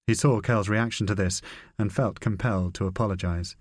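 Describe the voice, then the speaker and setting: A man narrating a spy novel audiobook in a measured, even reading. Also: on the low side, no room sound, studio quality. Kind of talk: scripted narration.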